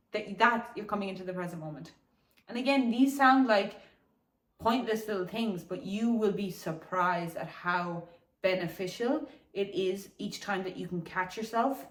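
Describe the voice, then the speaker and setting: Low-voiced woman chatting on a walk. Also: roomy sound, far from the mic. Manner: meandering, chatty, swears casually, laughs often. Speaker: wellness vlogger. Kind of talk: casual reflective talk to camera. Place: outdoors on a morning walk.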